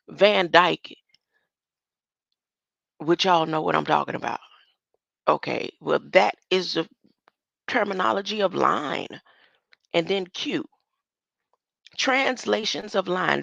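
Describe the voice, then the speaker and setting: Older woman, heavy gravel, bright tone, rambling stream chat, dull lo-fi recording. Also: lowish voice, dry recording. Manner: rambling, musing aloud, laughs often. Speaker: online streamer. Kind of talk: casual solo talk on word meanings.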